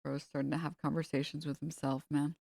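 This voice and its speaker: A woman live streamer ranting casually, sarcastic and profane, often breaking into high laughter. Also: level tone, fast, vocal fry, a little mellow, no room sound, clean studio sound.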